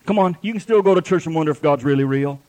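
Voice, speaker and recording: A man's voice: a little high, fast talker, a little mellow. A man preaching a sermon at a live church service, fervent and repetitive, with folksy grammar.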